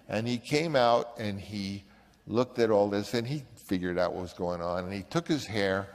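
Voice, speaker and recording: A man's voice: lowish voice, slight background noise. Older man telling a story with reverb. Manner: animated, acts out the voices of others. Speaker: filmmaker recounting a story. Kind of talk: anecdotal storytelling.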